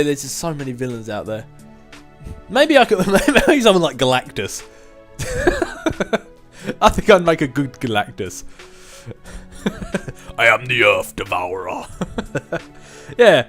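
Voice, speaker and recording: A man in his twenties answering viewer questions in a casual chat, rambling, self-mocking and chuckling often. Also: mid-range voice. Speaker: gaming video host answering viewer questions.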